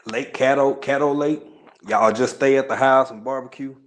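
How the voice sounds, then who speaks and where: A man's voice: medium pitch, steady tone, normal speed. A man from East Texas with a Southern accent, hosting a casual livestream and chatting loosely with viewers, greeting them by name in Southern slang. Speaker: livestream host.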